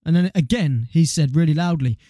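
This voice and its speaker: A man's voice: on the high side, brisk, mellow, dry recording, clean studio sound. A young man, a podcast co-host telling stories in casual chat. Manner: slangy, storytelling, laughs easily.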